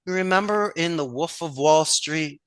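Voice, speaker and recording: A man's voice: a little high, moderate pace, clear, resonant tone, no echo. A man from Philadelphia, a call center owner, talking in an interview. He speaks emphatically, acts out phone calls and his own lines, and laughs often as he tells stories. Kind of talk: animated interview talk.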